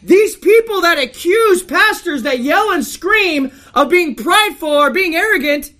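A woman's voice: extremely high pitch, lively intonation, a little slow, fairly bright tone. A woman reading scripture and preaching an emphatic, rebuking sermon.

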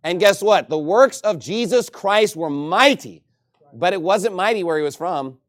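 A man from Texas preaching a sermon in a lively, joking and emphatic way. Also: sits high, a little slow.

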